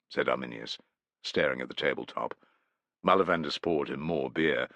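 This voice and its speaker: A man's voice: very deep voice, normal speed, pushed and bright, no echo. A man narrating a historical war novel in a scripted, dramatic reading. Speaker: audiobook narrator.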